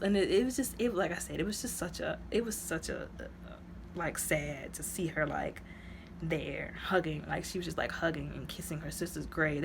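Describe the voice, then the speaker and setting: A woman's voice: fairly low pitch, a bit bright, slight background noise. A woman casually recapping a movie in a chatty, rambling way, dropping to dramatic whispers when she acts out lines. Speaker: movie reviewer.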